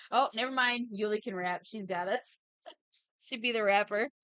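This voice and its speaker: A woman's voice: mid-range voice, unhurried, fairly bright tone, clean tone, no echo. A woman in her thirties hosting a livestream, chatting playfully and reading out chat messages while she draws. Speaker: livestream host.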